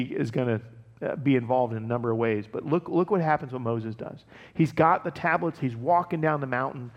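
A male pastor giving a casual, conversational sermon, animated and laughing often as he tells stories. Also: fairly high pitch, big-room sound, lo-fi sound.

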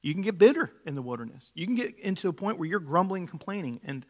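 A middle-aged man gives a sermon in a fairly high voice. He tells stories in a loose, conversational way, full of fillers and false starts. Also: sing-song, fast. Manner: casual storytelling with many fillers and restarts. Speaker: pastor.

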